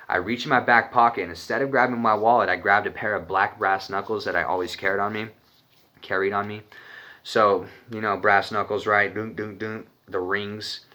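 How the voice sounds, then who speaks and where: A man's voice: on the low side, bright, forceful tone. A young man from Arizona telling a personal story in a rambling, profane, casual way. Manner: profane, rambling, laughs when nervous.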